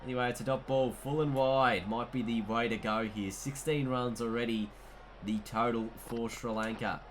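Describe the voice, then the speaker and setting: A man with an Australian accent commentating a cricket video game as he plays, mixing play-by-play calls with excitable asides. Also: medium pitch, normal speed, slight background noise. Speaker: gaming commentator.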